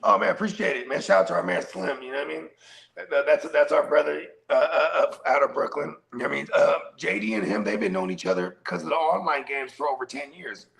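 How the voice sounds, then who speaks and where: A man hosts a casual podcast chat, his voice heavily gravelly and fried and sitting somewhat high. He rambles loosely and swears freely, leaning on fillers. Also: animated, quick pace, fairly bright tone. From San Francisco Bay Area. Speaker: podcast host.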